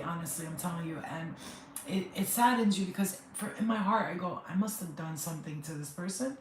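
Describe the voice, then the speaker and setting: Middle-aged woman, tearful live-stream healer, low-pitched, faint hiss behind, roomy echo. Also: darkish tone. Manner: tearful, rambling, talks straight to viewers. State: crying. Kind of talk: emotional live-stream chat. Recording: echoey room, faint background noise.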